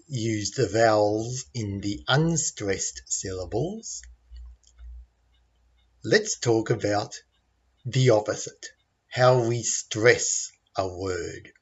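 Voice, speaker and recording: A man with an Australian accent teaching English pronunciation in a patient, deliberate way and demonstrating the sounds he explains. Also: medium pitch, breathy edge, dull audio. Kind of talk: slow, deliberate teaching lesson.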